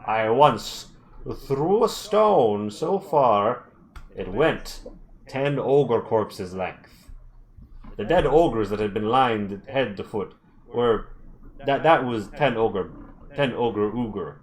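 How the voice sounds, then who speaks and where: A man voicing a gruff, boastful male dwarf chieftain who drags out his words and growls in a pirate-like way, as a game master at a tabletop game. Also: medium pitch, expressive. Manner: bragging, slow and loud.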